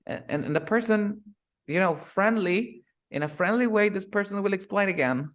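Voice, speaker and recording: A man teaching English, who slows down to drill phrases and then speeds up to explain. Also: high voice, lively intonation, fairly bright tone. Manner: switches between slow drilled phrases and fast explanations. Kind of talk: live online English lesson.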